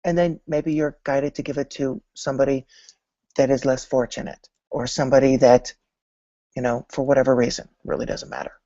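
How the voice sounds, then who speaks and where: A man's voice: mid-range voice, steady tone, fairly quick, warm tone, no echo. A man giving a motivational talk on manifesting, telling little stories and acting out imagined conversations. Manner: storytelling, acting out imagined dialogues. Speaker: spiritual vlogger. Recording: dry, dull lo-fi sound.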